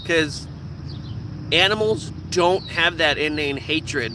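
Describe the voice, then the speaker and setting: Vlogger man ranting, swears a lot, lively, slightly high-pitched, recorded outdoors with heavy street noise. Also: measured pace. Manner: profane, animated, acts out quoted voices. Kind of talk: casual rant to camera.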